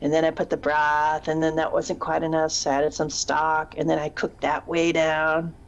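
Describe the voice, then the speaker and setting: A woman's voice: low voice, monotone, normal speed, muffled recording. A woman co-hosting a casual live chat show, a teacher who rambles through stories and laughs often. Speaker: podcast co-host.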